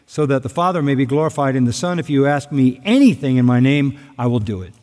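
A man's voice: mid-range voice, moderate pace, darkish tone. A man preaching an expository sermon as pastor, emphatic and fond of repeating key phrases. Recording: hall reverb.

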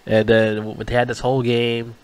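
A man's voice: medium pitch, monotone, moderate pace, smooth, no echo. Profane rambling man reviewing a movie. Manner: profane, rambling, mocking, frequent restarts. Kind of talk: casual rambling film review.

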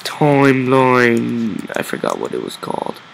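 A man's voice: mid-range voice, huge pitch swings, measured pace, gravelly, slight background noise, rough recording. A man giving let's play commentary, talking to himself while he plays and breaking into frustrated outbursts. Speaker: gameplay video creator.

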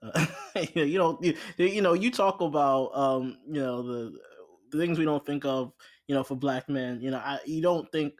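A man hosting an interview, reflective and warm, asking questions with many halting restarts. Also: fairly high pitch. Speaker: guest host.

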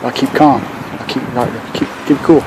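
A man's voice: mid-range voice, fairly even intonation, normal speed. An older man, chatting and rambling to his viewers as he walks a city street filming a casual vlog. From Texas. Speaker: vlogger. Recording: loud street and wind noise.

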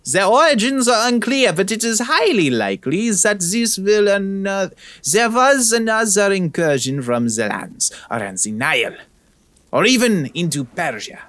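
A man's voice: high-pitched, very animated, unhurried, fairly bright tone, no echo, pitched above the performer's own voice, heavily acted. A man reading a medieval traveler's journal aloud in an attempted French accent, in a solemn tone.

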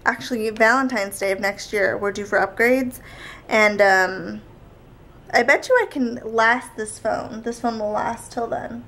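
A young woman vlogging in casual chat, talkative and quick to argue. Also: fairly high pitch, fairly bright tone. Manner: chatty, argumentative, quick back-and-forth.

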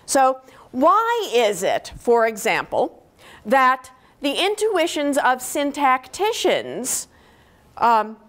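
Woman professor lecturing in a hall; a higher voice and slow deliberate pace, explaining patiently with "okay?" check-ins. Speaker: linguistics professor giving a lecture. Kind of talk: university lecture.

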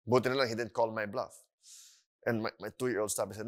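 A young adult man with a Filipino accent preaching a sermon, animated and slipping in Tagalog phrases as he acts out the voices of children and doubters. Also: mid-range voice, fast talker. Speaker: pastor.

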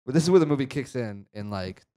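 A man's voice: mid-range voice, animated, quick pace, mellow. A man co-hosting a casual movie podcast, recapping the plot in a loose, rambling way with lots of asides. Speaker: podcast co-host.

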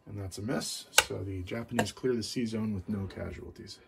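A man narrating his own board game turn by turn, calling out each dice roll in a steady, methodical way. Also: lowish voice, moderate pace, creaky. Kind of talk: play-by-play board game commentary. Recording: loud background noise.

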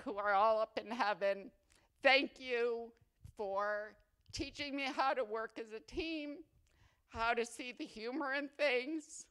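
A woman's voice: fairly high pitch, a bit bright, clear, resonant tone. A woman giving an award acceptance speech at a ceremony, chatty, playfully humorous and sentimental. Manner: affectionate, sentimental. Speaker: faculty award recipient.

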